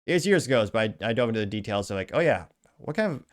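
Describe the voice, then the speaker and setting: A man's voice: lowish voice, animated, racing. Sneering male commentary host. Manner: sneering, mocking, trails off mid-sentence. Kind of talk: solo commentary reading social media posts.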